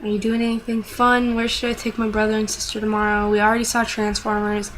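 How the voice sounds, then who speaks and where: A woman's voice: mid-range voice, completely flat delivery, fast, slight background noise, rough recording. A young woman vlogging casually, rambling and venting with frequent swearing and self-deprecating asides.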